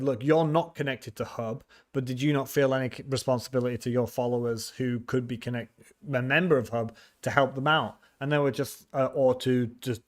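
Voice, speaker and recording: Chatty man teasing his viewers. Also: medium pitch. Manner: chatty, teasing, laughs often, frequent restarts. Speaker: livestream host. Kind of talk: casual livestream chat reading viewer comments.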